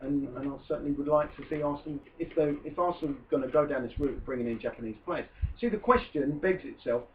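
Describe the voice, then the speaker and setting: A man's voice: fairly high pitch, fast, hardly any pauses. A man hosting a casual football podcast, chatting and joking as he talks through transfers. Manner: chatty, joking, puts on mock French accent in quotes. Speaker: podcast host. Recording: distant lo-fi phone-like sound with faint hiss.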